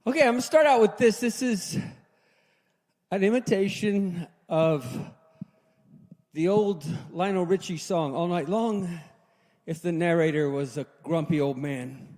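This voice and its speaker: A man in his sixties doing a stand-up set at a live open mic, deadpan, dropping low and quiet for his punchlines. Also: unhurried. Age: 60s. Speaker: stand-up comedian. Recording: long reverb in a hall.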